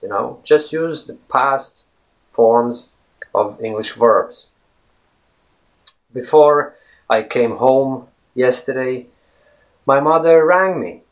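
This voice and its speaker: Chatty man teaching English. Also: mid-range voice. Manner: chatty, repeats and rephrases points; addresses viewers as friends. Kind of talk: casual teaching monologue.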